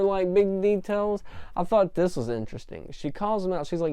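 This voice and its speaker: Smooth-voiced man recapping an episode. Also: high-pitched, brisk, dark tone, no echo, studio quality. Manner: rambling, many fillers. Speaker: film reviewer.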